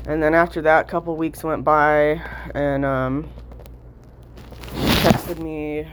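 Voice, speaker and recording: A woman's voice: sits low, fairly even intonation, normal speed, slight background noise. A young woman telling a personal story to camera in a candid, rambling way, full of fillers and swearing. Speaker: vlogger. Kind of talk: casual storytime chat.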